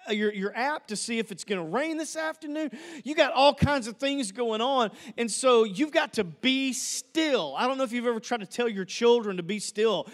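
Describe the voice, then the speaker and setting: A male pastor preaching a sermon in a church, telling stories with humor and repeating phrases. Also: very high voice. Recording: long reverb of a large hall.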